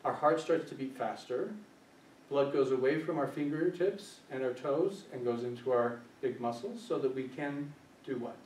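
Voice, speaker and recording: Presenting to a small group in a workshop, a social worker asks questions throughout and performs quoted voices in an engaging style. His mid-range, darkish voice moves at a normal speed, heard from a distance in an echoey room with a faint hiss.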